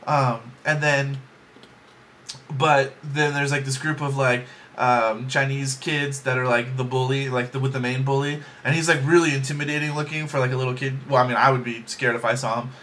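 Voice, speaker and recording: Bright-voiced man rambling through a movie review. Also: medium pitch, fairly even intonation, fairly quick, slight background noise. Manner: rambling and jokey, lots of ums and likes. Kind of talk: casual movie review vlog. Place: home bedroom.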